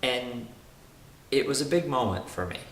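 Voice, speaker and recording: A man's voice: medium pitch, expressive, normal speed, a bit bright. Earnest young man in a roomy room. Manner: earnest, reflective, with frequent restarts. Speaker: race car driver sharing his story. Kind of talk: personal testimonial. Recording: roomy room with faint hiss.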